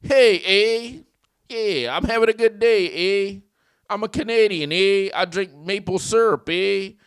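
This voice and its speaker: A man putting on a cheery, stereotyped Canadian man as a joke, hanging a drawn-out "A" on the end of each line. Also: high voice, smooth, voice pushed up. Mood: mocking. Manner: mocking, tacks a drawn-out "A" onto every line.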